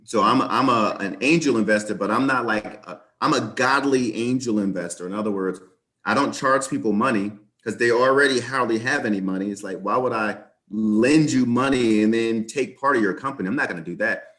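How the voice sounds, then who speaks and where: Male guest, mid-pitched, lively storyteller on a video call. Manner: animated storyteller, quick asides. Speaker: guest, business owner. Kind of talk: casual interview over video call.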